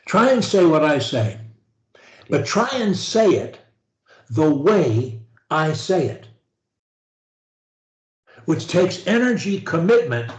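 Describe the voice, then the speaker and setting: A man's voice: fairly high pitch, big pitch swings, slow, long pauses. A man coaching a stuttering client over a video call, talking with energy and emphasis and drilling phrases for the client to repeat. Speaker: speech coach. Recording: echoey room on a video call.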